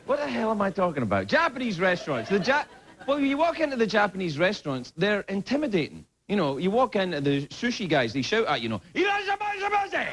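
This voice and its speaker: A man's voice: sits high, big pitch swings, quick pace. A Scottish man, a late-night talk show host, delivering a rambling comedy monologue with lots of stammering restarts. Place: TV studio. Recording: loud background noise.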